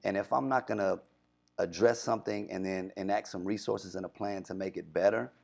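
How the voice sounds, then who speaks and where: A man's voice: sits low, fairly even intonation, fairly quick, vocal fry, a little mellow. A young adult man, a radio DJ, talking earnestly and emphatically in a casual interview, often saying "you know what I'm saying.". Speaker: radio DJ guest.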